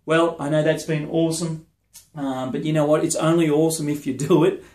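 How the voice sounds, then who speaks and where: A man's voice: on the high side, little pitch movement, fairly quick, a little mellow, reverberant. A man, a business and sales coach, gives an emphatic motivational talk to camera. He keeps checking in with the listener.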